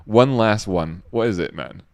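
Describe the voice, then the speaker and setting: A man's voice: on the low side, a little slow, gravelly, darkish tone. A Scottish man hosting a livestream in a casual, rambling chat full of fillers. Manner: rambling, laid-back, with frequent fillers. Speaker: livestream host.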